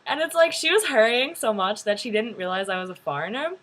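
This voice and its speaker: A young woman tells a story straight to her camera in a casual vlog. Her delivery is chatty and full of "like", and her voice sits fairly high and swoops animatedly up and down. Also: brisk, a little hiss or hum. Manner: chatty, animated, many "like" fillers. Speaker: vlogger.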